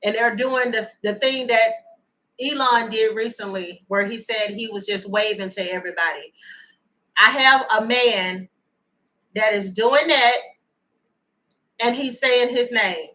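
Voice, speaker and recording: A woman giving a chatty, animated livestream tarot reading and thanking viewers by name. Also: fairly high pitch, measured pace, long pauses, a little hiss or hum, poor audio. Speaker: tarot reader.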